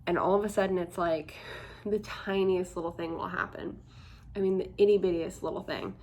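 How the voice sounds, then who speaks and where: A woman's voice: fairly low pitch, fairly even intonation, moderate pace, a little mellow, slight background noise. A young woman vlogging to camera in casual chat, candid and chatty, full of "like" fillers.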